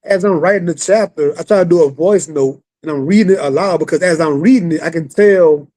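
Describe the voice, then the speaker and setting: Host: man with a Southern Louisiana accent, relaxed, high and mellow voice, dry sound. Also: brisk, dry recording. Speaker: podcast host. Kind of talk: casual podcast conversation.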